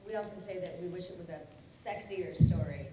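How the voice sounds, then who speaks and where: A woman's voice: lowish voice, brisk. A woman voice actor answering at a convention panel, joking and playful. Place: large convention hall. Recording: echoey hall, far mic, background noise.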